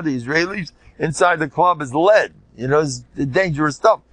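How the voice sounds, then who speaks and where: An older man with an American Orthodox Jewish English accent, a rabbi telling stories in an informal Torah class and bursting into loud shouted quotes. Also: mid-range voice, dry recording. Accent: American Orthodox Jewish English with Yiddish words. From United States.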